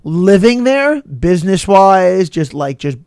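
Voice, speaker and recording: A young man with a slightly high voice riffs as a comedian on a podcast. He is animated and profane and slips into mock-tough voices. The sound is dry and close. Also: takes it slowly, clean tone, no echo. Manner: animated, swearing, acts out mock-tough quotes. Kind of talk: casual chat. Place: podcast studio.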